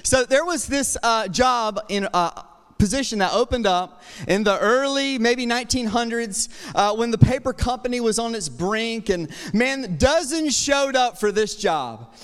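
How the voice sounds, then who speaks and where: A man's voice: very high-pitched, lively intonation, measured pace, clean tone, in a large hall. A young adult man preaching a sermon as pastor, passionate and conversational, with restarts and fillers. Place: church sanctuary.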